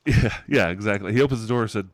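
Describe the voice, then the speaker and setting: A middle-aged man runs a tabletop game in a fairly low voice, wandering through his scene descriptions and chuckling along the way. The sound is dry and close, with no room around it. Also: fast, no echo. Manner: rambling, digressive scene description with frequent chuckles. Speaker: game master.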